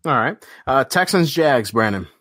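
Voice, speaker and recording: A man's voice: medium pitch, animated, normal speed, pushed and bright, no room sound, studio quality. A man co-hosting a casual sports podcast, telling rambling stories, swearing, and acting out the voices of people he met. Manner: rambling storyteller, acts out quoted voices, swears. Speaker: podcast co-host.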